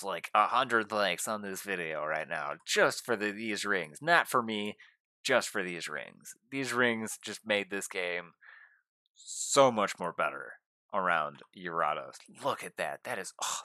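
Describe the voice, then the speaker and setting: A young man narrating his gameplay in a casual, excitable way, often gushing to his viewers. His voice sits a little low but carries a bright, forceful edge. It is recorded dry and close on a desk mic. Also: no room sound. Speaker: gaming YouTuber.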